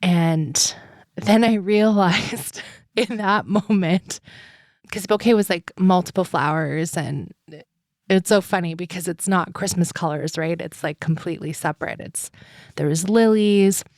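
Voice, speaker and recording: Woman, podcast host, lower voice, chatty rambling storytelling, dry close mic. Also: measured pace, darkish tone, dry recording. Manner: rambling and chatty, heavy on "like" and "um", laughs often. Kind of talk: casual personal storytelling.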